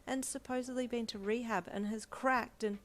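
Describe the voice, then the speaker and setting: A woman voicing an upset, tearful young pregnant wife in an audio fanfiction role-play, talking high and agitated. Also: fairly even intonation, moderate pace, natural voice. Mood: angry.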